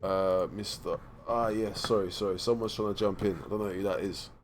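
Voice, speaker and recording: A man's voice: fairly low pitch, steady tone, fairly quick, a little hiss or hum. A young man hosting a live stream, chatting casually, full of slang and swearing. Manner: slangy, swears a lot, laughs often, rambling.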